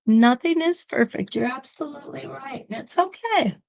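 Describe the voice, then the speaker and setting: A woman's voice: sits high, animated, moderate pace, gravelly, darkish tone, muffled recording. A middle-aged woman teaching a quilting demo to online viewers, chatty and talking to them as she works, with a laugh now and then. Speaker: quilting instructor. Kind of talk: live-streamed quilting demo.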